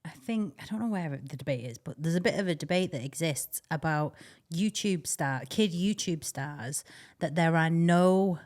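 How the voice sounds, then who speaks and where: A woman's voice: low voice, animated, normal speed, a little mellow. Chatty woman podcast host. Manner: chatty, rambling, laughs often. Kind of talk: casual chat.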